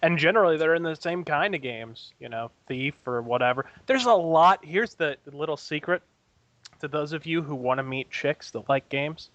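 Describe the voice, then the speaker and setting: A man's voice: on the high side, normal speed, a bit bright, no room sound. Wry guy chuckling through podcast chat, sound kinda muffled and lo-fi, dry. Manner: wry, chuckling mid-sentence, a bit grandiloquent. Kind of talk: casual chat. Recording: dull lo-fi audio.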